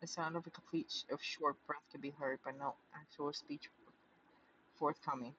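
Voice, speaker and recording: A man's voice: a little high, flat delivery, a little fast, fairly bright tone, lo-fi sound, slight background noise. A man reading a visual novel aloud, often stumbling and restarting, with chatty asides.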